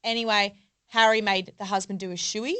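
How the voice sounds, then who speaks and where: A woman's voice: mid-range voice, steady tone, fairly quick, pushed and bright. A woman with an Australian accent, co-hosting a podcast and recounting a night out in a chatty, wry way. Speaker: podcast co-host. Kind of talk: casual chat.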